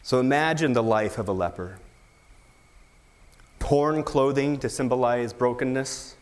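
A male pastor delivers an emphatic sermon at an unhurried pace. His mid-range voice carries a long reverb, as if he stands in a large hall. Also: medium pitch. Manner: emphatic preaching with rhetorical questions.

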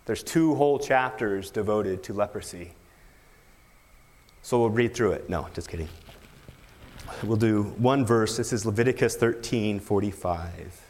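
A man's voice: fairly low pitch, measured pace, long pauses, darkish tone, in a large hall. A man preaching a sermon, emphatic, with rhetorical questions. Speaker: pastor.

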